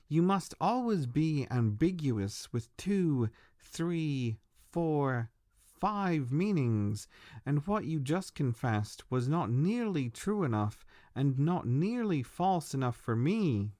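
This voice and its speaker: A man's voice: mid-range voice, a little mellow, dry recording, clean studio sound. A man reading as a stern prophet-sage. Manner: severe, lecturing.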